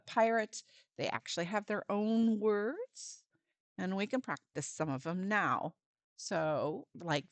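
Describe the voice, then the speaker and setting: A woman's voice: medium pitch, dry recording. A woman volunteer giving a friendly step-by-step craft lesson for parents and children, with some fillers.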